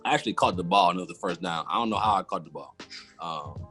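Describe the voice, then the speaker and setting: A man's voice: low-pitched, quick pace, pushed and bright, faint music behind. A man, casually telling a long story as a podcast guest and acting out his own past reactions. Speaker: former football player, guest.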